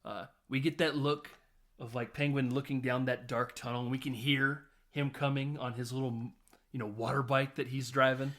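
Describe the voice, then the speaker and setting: Male podcast host, casual and profane film recap, laughs a lot, mid-pitched. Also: normal speed. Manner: laughing, profane, animated retelling with quoted lines.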